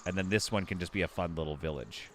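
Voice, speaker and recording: A man's voice: deep voice, quick pace, fairly bright tone, slight background noise. A man giving casual live commentary while he plays a city-building game, rambling and correcting himself as he thinks aloud.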